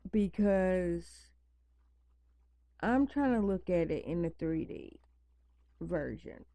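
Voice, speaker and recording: A woman's voice: lowish voice, expressive, slow, mellow, no echo. A woman talking casually to her viewers at home, rambling and repeating her points for emphasis. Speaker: vlogger. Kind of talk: casual chat to camera. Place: home at night, near pets.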